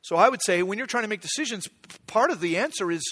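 A middle-aged man preaching a sermon, telling stories about himself with humor and swinging between quiet reflection and loud outbursts. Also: high-pitched, lively intonation, fast. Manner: storytelling, self-deprecating, swings from quiet to shouting. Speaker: pastor. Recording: long hall reverb.

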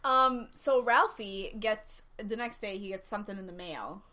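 A woman's voice: mid-range voice, moderate pace, over a noisy crowd. A woman co-hosting a podcast, casually recapping a film scene by scene with lots of ums. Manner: retells scenes with filler ums. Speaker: podcast co-host. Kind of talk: casual movie recap chat.

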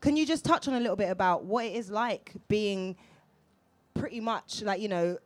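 A woman hosting a live podcast panel, asking questions with warm enthusiasm and encouragement. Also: medium pitch, moderate pace. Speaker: podcast host. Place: live event venue.

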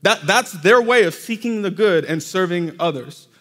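A man preaches from the pulpit, and his voice sits fairly high. He talks to the congregation in a conversational way, checking in with them as he goes. Long reverb from the church hall trails after his words. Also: expressive, normal speed, a bit bright. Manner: conversational, addresses congregation directly. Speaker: pastor. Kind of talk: sermon. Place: church sanctuary.

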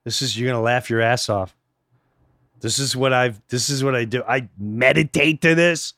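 A middle-aged man, a podcast guest, telling animated stories with lots of swearing and acted-out voices. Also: medium pitch, normal speed, no room sound, studio quality. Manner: acts out quoted voices, swearing, laughing. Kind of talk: animated storytelling.

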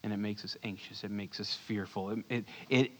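A man preaching a sermon as pastor, earnest, moving between urgent bursts and hushed low lines. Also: steady tone, a little fast, slight background noise. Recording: long hall reverb.

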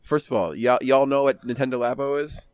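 A man's voice: medium pitch, fairly quick, darkish tone, smooth, no echo. A young man hosting a casual podcast, rambling through a comic story with swearing and many fillers. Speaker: podcast host. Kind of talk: casual chat.

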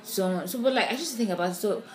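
A woman's voice: medium pitch, fast, a little mellow, a little hiss or hum. A woman with a Nigerian accent, co-hosting a podcast in casual discussion. She talks animatedly, often restarting her sentences and checking in with "do you understand?". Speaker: podcast co-host.

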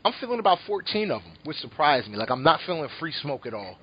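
A man's voice: on the high side, very animated, fast talker, husky. A man co-hosting a podcast, chatting casually and rambling through an album review, laughing often. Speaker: podcast co-host. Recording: dull lo-fi podcast audio.

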